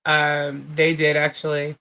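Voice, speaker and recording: A woman's voice: low voice, completely flat delivery, measured pace, sharp tone, low-quality recording. A woman co-hosting a live chat show, telling a long story in a rambling way, full of fillers and repeated phrases.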